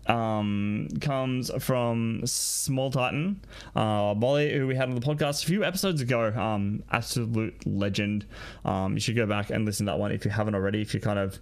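Gravelly low-voiced man rambling. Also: moderate pace. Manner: rambling, casual, swears often, laughs at himself. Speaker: podcast host. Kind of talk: solo podcast, answering listener questions.

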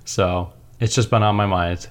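A man's voice: low voice, fairly even intonation, normal speed, clean tone. A man co-hosting a podcast, chatting earnestly and joking often with easy laughter. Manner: earnest and upbeat, jokey, laughs easily. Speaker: podcast co-host. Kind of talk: casual chat.

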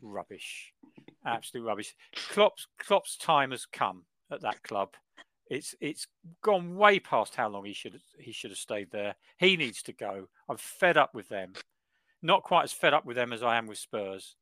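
A man co-hosting a football podcast, ranting in an exaggerated, animated way. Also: mid-range voice, a little slow, dry recording. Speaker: podcast co-host. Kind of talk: casual football chat.

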